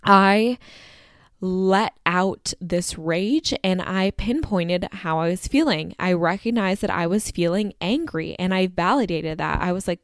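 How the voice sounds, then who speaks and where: A woman's voice: mid-range voice, a little slow, no room sound, studio quality. A young adult woman hosting her own podcast, talking candidly in a casual monologue, full of "like" and free with swearing. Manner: candid and chatty, heavy use of "like"; swears freely. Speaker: podcast host.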